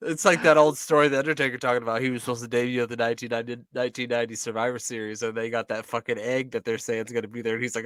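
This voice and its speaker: A man's voice: medium pitch, quick pace, a bit bright, no echo. A man co-hosting a casual podcast chat while watching wrestling, joking, laughing a lot and swearing freely. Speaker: podcast co-host.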